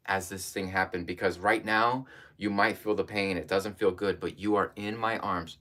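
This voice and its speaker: A man preaching a live online sermon, earnest and emphatic, repeating key phrases and sometimes dropping to a hush. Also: sits low, moderate pace.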